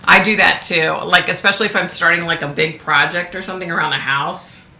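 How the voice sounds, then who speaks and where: Middle-aged woman vlogger, chatty storyteller, bright edge, somewhat low voice, roomy sound. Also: a little fast. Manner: chatty storyteller, laughs often, acts out quotes. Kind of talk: casual livestream chat.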